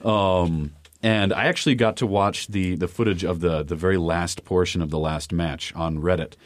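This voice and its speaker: This male podcast co-host keeps a steady tone and normal speed in his low-pitched voice. He chats casually, rambling with lots of fillers and restarts, in a dry recording.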